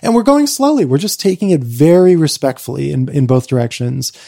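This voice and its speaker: A man telling a personal story in an interview, swinging between excited rushes and quiet reflective lows, with lots of "like" fillers. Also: creaky. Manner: frequent "like" fillers. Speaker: interview guest.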